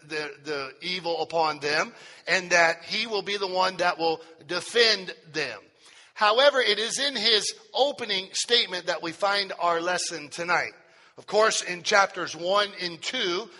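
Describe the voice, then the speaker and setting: A man preaching a sermon to a congregation, drawing out key phrases with slow, emphatic weight. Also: high-pitched, bright, forceful tone. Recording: long hall reverb.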